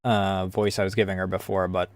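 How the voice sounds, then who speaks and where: A hoarse streamer giving casual, profane, jokey commentary over gameplay. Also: deep voice, level tone, fairly quick, no echo. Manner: profane, jokey, self-mocking. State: hoarse, sore throat.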